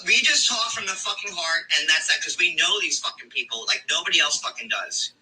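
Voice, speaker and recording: A man rants on a live stream, swearing nonstop and hammering his points home by repeating them. His voice sits high and sounds piercingly bright and sharp. The clip is played back and heard from a distance. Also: big pitch swings, a little fast. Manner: swears constantly, mocking, repeats himself for emphasis. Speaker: reality show commentator. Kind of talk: profane angry rant on a live stream.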